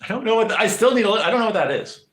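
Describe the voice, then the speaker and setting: A young man with a slightly high voice chats casually on a live stream, cursing freely and trailing into ums, likes and false starts. His voice rings around an echoey room. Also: expressive, rapid-fire, a bit bright. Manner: rambling, profane, full of fillers and restarts. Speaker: livestreamer.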